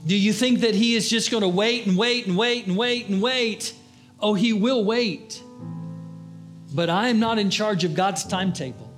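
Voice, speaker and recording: A man preaching a sermon as a pastor, impassioned, swinging between raised appeals and hushed, low pleas. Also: normal speed, faint music behind. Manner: impassioned preaching, rising and dropping to hushed tones.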